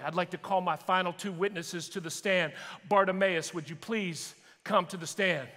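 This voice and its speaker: A man's voice: sits high, moderate pace, pushed and bright, in a large hall. A man preaching a sermon with dramatic, courtroom-style framing in a church auditorium. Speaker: pastor.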